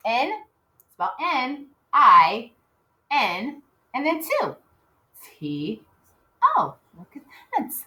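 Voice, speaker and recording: A woman teaching young children to write, slowly sounding out words and spelling them letter by letter. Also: high voice, fairly bright tone. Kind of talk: modeled writing lesson for young children.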